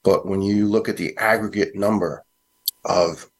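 A middle-aged retired fire lieutenant with a New York accent, answering an interview question in a halting, earnest way with many restarts. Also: male voice, fairly low pitch, fairly even intonation. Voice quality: gravelly, husky. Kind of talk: interview answer, personal account.

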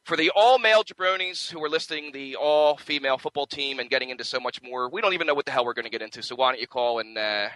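A man co-hosts a sports talk show in casual banter. His delivery is quick and bright, full of restarts and fillers, and his studio mic sounds dry and close. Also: medium pitch, no echo, rough recording. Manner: rambling, many restarts and fillers. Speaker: sports talk radio co-host.

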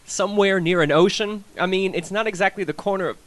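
A man's voice: sits high, fast, fairly bright tone, no echo. A man hosting a tribute show, narrating his script in a playful, teasing way. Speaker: host.

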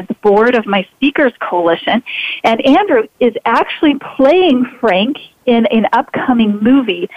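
Female talk show host, earnest, inspirational, higher pitch, dry lo-fi sound. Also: no echo. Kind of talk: radio interview hosting.

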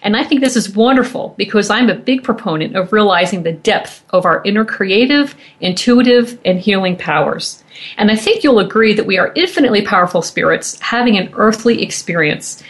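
A woman radio show host in a measured, admiring tone, reading a prepared introduction for her guest. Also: mid-range voice, animated. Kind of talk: scripted interview introduction.

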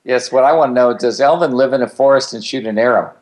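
A man co-hosting a call-in radio show, talking in a relaxed, joking way. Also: medium pitch, quick pace. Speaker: co-host. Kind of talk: casual radio chat.

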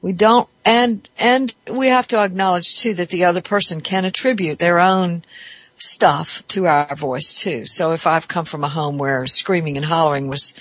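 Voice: mid-range voice, moderate pace, a bit bright, no echo. A therapist giving a reflective podcast talk, explaining ideas step by step in a thoughtful way.

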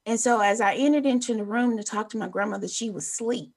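Higher-voiced woman telling a story. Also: quick pace. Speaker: co-host. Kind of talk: casual chat, storytelling.

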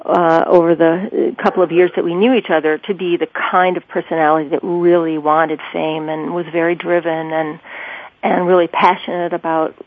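A woman guest in an interview, recalling a story with animated swings in pitch. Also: normal speed, no room sound. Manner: animated, pitch leaps when quoting herself. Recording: tinny phone line.

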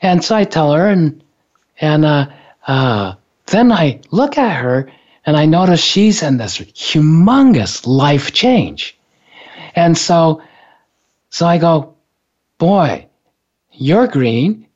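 A man's voice: on the high side, sing-song, slow, long pauses, darkish tone. A man casually telling a personal story in a rambling, hesitant way, often stopping and restarting. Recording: dull lo-fi recording.

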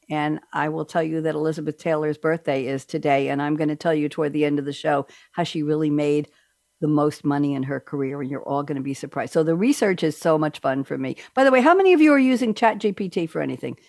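Chatty, low-voiced talk show host woman. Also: brisk, no echo, studio quality. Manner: chatty, animated, playful. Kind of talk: radio talk show hosting.

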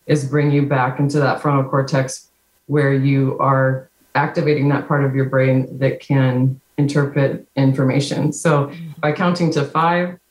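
A low-pitched woman guest explains things in a calm, steady way, her intonation staying quite flat. Her remote audio carries noticeable room echo. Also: unhurried. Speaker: guest, psychiatric nurse practitioner. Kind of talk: podcast interview.

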